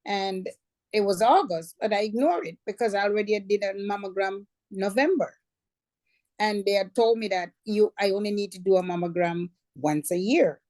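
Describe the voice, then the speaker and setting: A woman's voice: medium pitch, normal speed, a little mellow, no echo. A middle-aged woman, a cancer survivor, telling her personal story in a chatty way and stopping to correct herself. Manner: conversational, backtracks and corrects herself.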